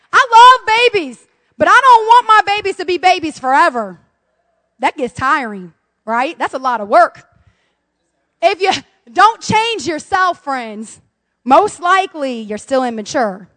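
High-voiced woman preaching animatedly. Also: dry recording. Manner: animated preaching with playful acted-out quotes. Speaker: pastor. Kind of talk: sermon.

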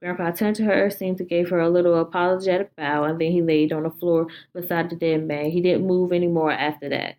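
A woman's voice: on the low side, steady tone, brisk, few pauses, a little mellow. A woman casually reading a horror story aloud, informal, with stumbles and swearing.

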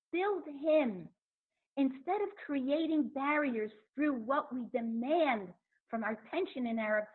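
Woman Torah teacher, high pitch, lively lecture delivery, narrow phone-line sound. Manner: animated, acts out quotes.

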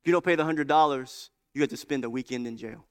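A stern small-town judge who lays down the law in measured, low-key tones, firm but never loud, as a preacher plays him in a sermon story. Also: male voice, clean tone, natural voice.

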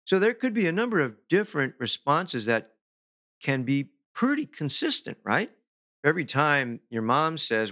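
A man giving a self-help talk in an emphatic, deliberate way, pausing to stress key words. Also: a little high, very animated, sharp tone. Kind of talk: motivational talk to camera.

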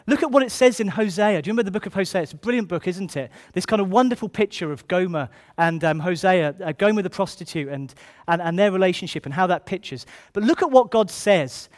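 A man preaching a sermon, reading scripture slowly and then hurrying through his asides, often repeating key phrases. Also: sits high, lively intonation.

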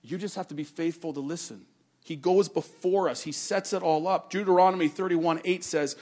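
A pastor giving an earnest sermon, telling a personal story in a conversational way and slowing down to stress key points. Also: male voice, a little high, darkish tone.

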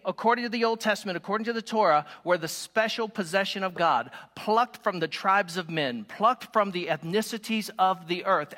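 A man preaching a sermon to a room of listeners, telling stories with lively emphasis. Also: sits high, big-room sound. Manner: animated, emphatic storytelling preaching.

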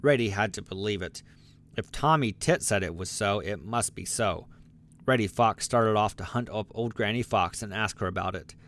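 A man narrating a children's storybook aloud, lively and expressive, giving the animals their own voices. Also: lowish voice, normal speed. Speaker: audiobook narrator.

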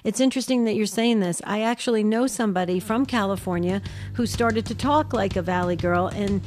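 A woman's voice: mid-range voice, fairly quick, darkish tone. Effusive woman radio co-host with music. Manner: effusive, praising. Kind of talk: talk radio hosting.

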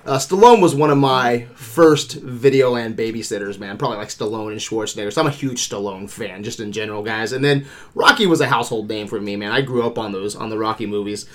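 A man's voice: lowish voice, fast talker. Laid-back man hosting a movie podcast. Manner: animated, swears casually, laughs often. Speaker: podcast host. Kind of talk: casual movie review chat.

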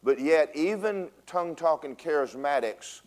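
A man, a pastor preaching a storytelling sermon in church, swinging from loud bursts to a hushed voice. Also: fairly high pitch, moderate pace. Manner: animated storytelling with big swings in loudness, drops to a hush. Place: church sanctuary.

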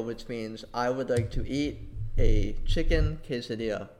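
A man appears as a guest on a podcast, reading prepared answers. He explains things in a measured, even tone at a mid pitch for a man. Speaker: podcast guest, Spanish tutor.

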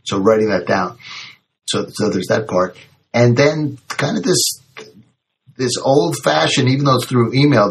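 A man's voice: medium pitch, gravelly. A man hosting an interview, a health practitioner who sums up points in a reflective way. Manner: summarizing, reflective. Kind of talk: interview talk.

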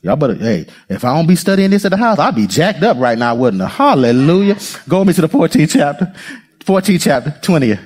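Lively animated preaching pastor, man. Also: a little high, fairly quick, breathy edge. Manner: animated preaching, calls to the congregation, acts out voices. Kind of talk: sermon.

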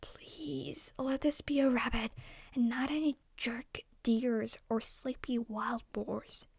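A woman voicing a timid, eager male turtle in a told folktale, earnest and quick to apologize. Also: on the high side, fairly even intonation, creaky, a little mellow, breathy edge, dry recording, studio quality, full character voice. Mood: pleading whisper.

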